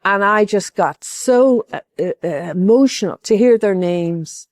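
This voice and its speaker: A woman's voice: medium pitch, expressive, a little slow, no echo. An older woman from Ireland giving a personal testimony as a pilgrim, rambling and heartfelt, with many asides.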